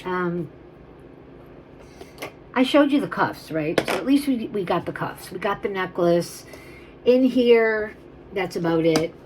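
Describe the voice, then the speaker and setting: A woman's voice: medium pitch, expressive, slow, pauses often, background noise. A woman selling vintage jewelry on camera, talking in a chatty, emotional way that wanders off on tangents. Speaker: jewelry seller. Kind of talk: rambling live sales chat.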